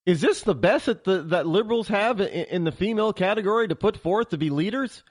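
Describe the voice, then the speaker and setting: A man's voice: high voice, expressive, fairly quick, dry recording, clean studio sound. A man hosting a political talk show, ranting heatedly in a monologue and often stammering and restarting.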